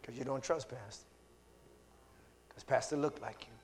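A man preaching a sermon in a church, in call-and-response style, swinging from loud to hushed. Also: mid-range voice, moderate pace, slight background noise. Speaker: pastor. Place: church sanctuary. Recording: long church reverb.

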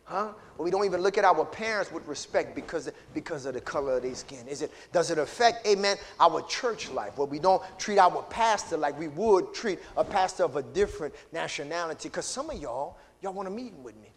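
A male pastor preaches in a church, calling out to his congregation and swinging from loud to hushed. His voice sits high. Long reverb trails every line. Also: expressive, brisk, few pauses. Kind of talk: sermon. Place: church sanctuary.

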